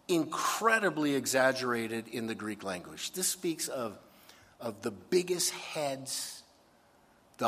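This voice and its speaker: Animated preaching man in a reverberant hall. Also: medium pitch, a little slow, husky. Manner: animated, acts out complaining voices. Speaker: pastor. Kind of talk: sermon.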